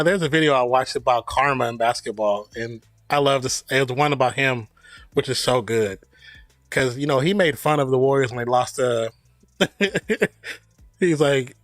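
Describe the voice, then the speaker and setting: A man's voice: mid-range voice, moderate pace, a bit bright, dry recording, faint music behind. A man streaming casual play-by-play of a basketball game, opinionated and jokey, laughing at his own remarks. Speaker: streamer giving play-by-play at a live watch party. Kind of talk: casual fan play-by-play commentary.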